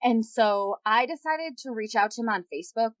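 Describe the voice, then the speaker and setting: A woman's voice: on the high side, normal speed, no room sound. Candid woman telling a personal story. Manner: candid, animated retelling with quoted dialogue. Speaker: podcast guest. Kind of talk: personal storytelling in a podcast interview.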